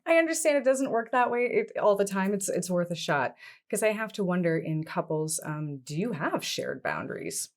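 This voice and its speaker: A woman from Canada, a therapist guest on a podcast, explaining things calmly with strings of questions. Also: mid-range voice, normal speed. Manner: explains steps with strings of questions, calm and instructive. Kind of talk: podcast conversation.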